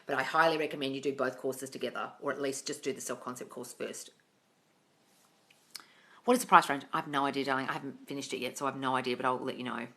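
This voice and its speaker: A woman's voice: extremely low pitch, fairly even intonation, fast, fairly bright tone. A young woman hosting a casual live Q&A on manifesting. She reads viewer comments aloud and answers them frankly, with swearing, and calls everyone darling.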